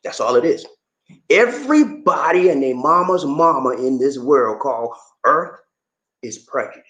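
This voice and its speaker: A man hosting his own show, explaining things to viewers casually in an animated, playful way and teasing the audience. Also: mid-range voice, moderate pace. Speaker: host. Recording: echoey room.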